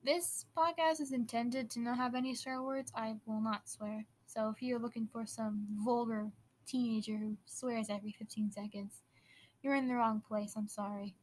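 A woman's voice: a little high, fairly even intonation, moderate pace, a little hiss or hum, poor audio. A fifteen-year-old girl from Wisconsin with a light Upper Midwest accent, hosting her own podcast in a bubbly, giggly, rambling way with frequent restarts. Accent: Upper Midwest American. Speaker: podcast host. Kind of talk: casual teen podcast chat.

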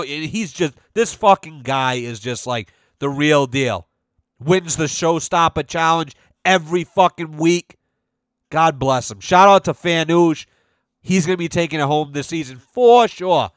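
A man's voice: fairly high pitch, a little slow, no echo. An American man hosting a podcast alone, rambling in a loose, profane, jokey way and sounding tired. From United States. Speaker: podcast host. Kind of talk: casual solo podcast rant.

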